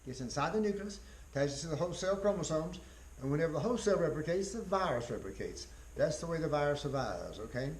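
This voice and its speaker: Folksy man lecturing, clears his throat. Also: a little high, expressive, poor audio. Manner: folksy, repeats key phrases, spells terms out slowly. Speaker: biology lecturer. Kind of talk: college lecture.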